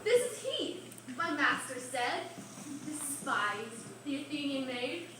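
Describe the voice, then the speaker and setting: Woman as male fairy sprite: high, slow, sneaky verse; distant mic in a booming hall. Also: very animated, full character voice. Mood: sly. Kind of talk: amateur stage acting. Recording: echoey stage recorded from far off, noisy.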